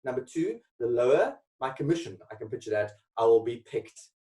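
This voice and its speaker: A man's voice: mid-range voice, sing-song, fairly quick, warm tone, far from the mic, poor audio. A man giving an emphatic motivational webinar talk full of rhetorical questions. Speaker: motivational speaker. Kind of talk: webinar presentation.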